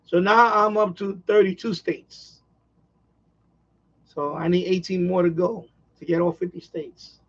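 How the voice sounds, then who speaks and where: A radio hobbyist chats casually on a live stream from his quiet home, rambling, repeating himself, and using lots of fillers. His voice sits high with fairly even intonation, he speaks unhurriedly, and the sound is lo-fi.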